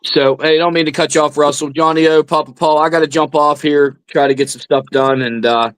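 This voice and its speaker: A man's voice: a little high, steady tone, a little fast, a bit bright, clean tone, dry recording, low-quality recording. An easygoing man co-hosting a casual fan show over a video call. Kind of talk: casual chat.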